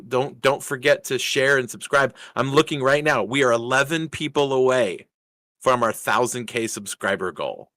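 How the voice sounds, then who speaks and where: A man's voice: medium pitch, expressive, moderate pace, pushed and bright, no echo. A man hosting a racing league live stream in casual chat, rambling with lots of fillers and restarts in an upbeat way.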